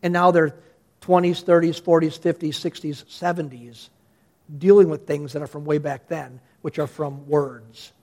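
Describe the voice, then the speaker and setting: Lively, high-voiced male pastor preaching. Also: moderate pace. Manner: lively, conversational preaching with frequent restarts. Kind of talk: sermon.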